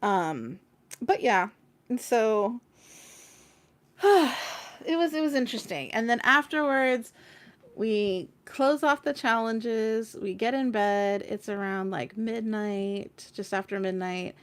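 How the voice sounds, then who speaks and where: A woman hosting a tarot livestream, telling a personal story in a chatty, animated way, full of fillers and casual swearing. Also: a little high, slow. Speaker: tarot reader and stream host.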